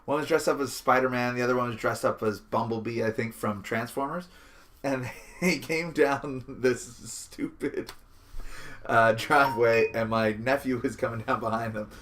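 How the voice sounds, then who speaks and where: A man co-hosting a podcast, telling stories in a joking, animated way and swearing casually. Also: mid-range voice, moderate pace, slight background noise. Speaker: podcast co-host. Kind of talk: casual chat.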